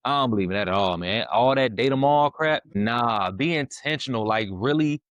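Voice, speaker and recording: A man talking casually about faith and dating as a podcast guest, animated and fond of "you know what I'm saying", sometimes acting out his prayers. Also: medium pitch, moderate pace, dry recording. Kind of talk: casual faith-based conversation.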